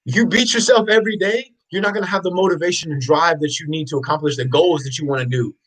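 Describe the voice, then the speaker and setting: A man with a slightly high voice delivers an unscripted motivational rant. He preaches with blunt intensity, firing the same questions again and again and raising his voice to drive them home. His talk is rough and profane. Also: fast, rough recording. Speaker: motivational vlogger.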